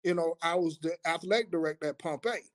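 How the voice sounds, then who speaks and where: A man's voice: a little high, fast talker. A man, a former coach and athletic director, talking reflectively in conversation. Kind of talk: conversational interview.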